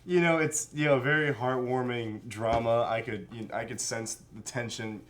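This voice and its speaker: A man co-hosting a casual chat, joking in a deadpan way. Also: medium pitch, normal speed. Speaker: co-host.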